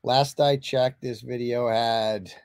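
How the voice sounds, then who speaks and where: A man hosts a live web show, ranting casually in a brash, profane, combative way while reading out viewer donations. His voice is medium-pitched and darkish, with fairly even intonation and a slow pace, recorded dry in clean studio sound.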